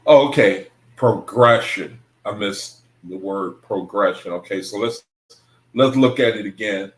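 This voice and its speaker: A man hosting an online scripture study livestream, reading passages aloud slowly, rereading lines and chatting informally with viewers. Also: fairly low pitch, poor audio. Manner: relaxed, informal talk with the audience. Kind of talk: casual livestream reading and commentary.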